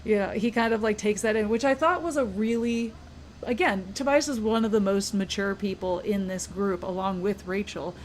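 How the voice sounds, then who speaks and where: A woman in casual conversation, recapping a story with lots of quoted character lines. Her pitch sits in a middle range. Faint noise hums under her voice. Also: moderate pace. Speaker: podcast co-host. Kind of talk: casual book discussion.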